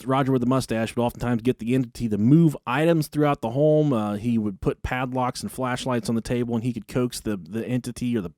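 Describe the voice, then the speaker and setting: A podcast host tells a spooky story with comedy, loose and full of swearing. His voice sits at a typical male pitch. The sound is close and dry. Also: a little mellow, dry recording. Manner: profane and casual.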